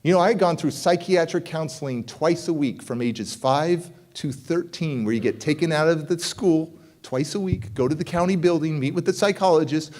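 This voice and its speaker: A middle-aged man, a motivational speaker, telling a story on stage, animated and jumping into quoted voices. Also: normal speed, few pauses. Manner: animated, acts out quoted voices with big pitch jumps. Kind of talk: energetic storytelling keynote. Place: conference hall stage.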